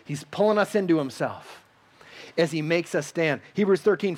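A man preaching a sermon in an earnest, repetitive cadence with pauses, then leading a prayer. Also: on the high side. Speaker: pastor.

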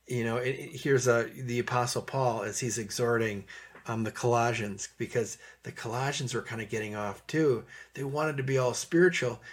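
Husky-voiced man preaching conversationally. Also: mid-range voice. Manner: conversational, repeats himself, drops to soft tones for gentle passages. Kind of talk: sermon.

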